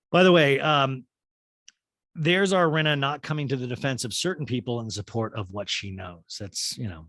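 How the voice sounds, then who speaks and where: A man hosting a podcast, recapping a reality show in an animated, sarcastic, profane way. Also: medium pitch, brisk, no room sound. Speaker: podcast host.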